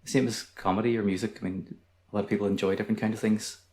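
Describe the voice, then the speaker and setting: This is a Northern Irish man speaking as a podcast guest, his voice low-set and calm. He talks quickly but smoothly, with a soothing, even manner. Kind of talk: casual chat.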